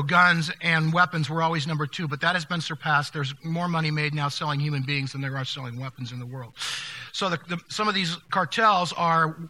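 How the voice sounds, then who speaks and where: An older man preaching a sermon, telling stories in a conversational way with many restarts, going quiet at the sad moments. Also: sits high. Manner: conversational, halting with restarts, drops to hushed tones for sad moments. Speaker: pastor. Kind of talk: sermon storytelling.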